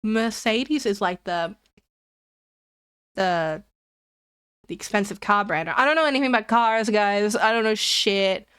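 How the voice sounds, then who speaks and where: A woman's voice: medium pitch, unhurried, long pauses, a bit bright, smooth, dry recording, clean studio sound. A young woman streamer chatting casually with her chat, rambling and giggling between jokes.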